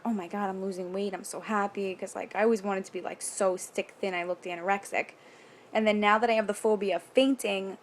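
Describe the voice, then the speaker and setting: A young woman from New York talking candidly in a casual vlog, rambling with quick nervous asides and casual swearing. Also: medium pitch. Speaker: vlogger. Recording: faint background noise.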